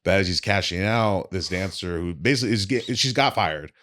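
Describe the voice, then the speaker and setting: Deep-voiced man telling rambling stories. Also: animated, fairly quick, fairly bright tone. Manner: rambling, restarts and swears freely. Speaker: guest comedian. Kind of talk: casual podcast storytelling.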